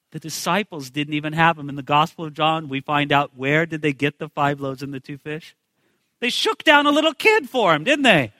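A male pastor delivers a sermon in a high, bright voice, pressing his points with repeated phrases and rhetorical questions. The sound is close and dry, with no room around it. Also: no room sound.

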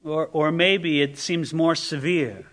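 Guy preaching in church, kinda high voice, asks the crowd questions, leans hard on the verses. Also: takes it slowly, a bit bright. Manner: preaching with rhetorical questions and emphatic scripture readings. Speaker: pastor. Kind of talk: sermon.

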